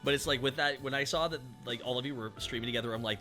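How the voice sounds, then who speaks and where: A man hosting a stream, chatting casually in a rambling, animated way with frequent swearing. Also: medium pitch, racing, few pauses, faint music behind. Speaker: streamer host. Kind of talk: casual chat.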